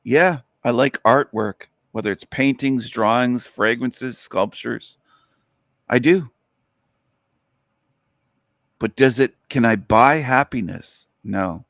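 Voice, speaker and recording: A man's voice: medium pitch, takes it slowly, pauses often, fairly bright tone. A male podcast host delivering a mocking, sarcastic rant in a mid-range voice. He hammers his points by repeating phrases. The sound is dry and close, with no room echo. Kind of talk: solo podcast commentary.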